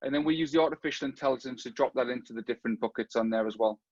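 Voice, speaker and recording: A man with a Geordie accent rattles through a software pitch at speed, leaning on "kind of" and "on there". His voice sits at a middling pitch. The audio is dry and a little dull, like a lo-fi video call. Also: no room sound. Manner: rapid, filler-laden pitch with "kind of". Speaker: software company presenter. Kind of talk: webinar product presentation.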